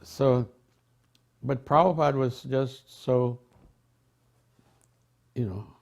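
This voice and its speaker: An older man from a Caribbean island telling personal memories in a relaxed, chatty way, laughing often and restarting his sentences. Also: medium pitch, slow, vocal fry. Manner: warm storytelling with frequent laughs and restarts. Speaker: devotee sharing memories. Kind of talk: casual reminiscence.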